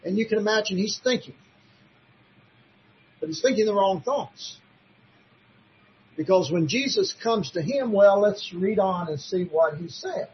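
A man with a notably high voice teaches a Bible study in sermon style. He presses his points emphatically and poses rhetorical questions to his listeners. The recording is muffled and lo-fi. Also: lively intonation, a little slow, pauses often, breathy edge. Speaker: preacher teaching a Bible class.

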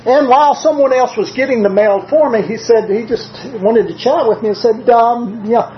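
A preacher with a Southern US accent giving a sermon in a measured, conversational way, slowing down to stress quoted scripture. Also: mid-range voice, a little hiss or hum. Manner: conversational asides with frequent "uh" fillers. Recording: roomy, dull lo-fi recording.

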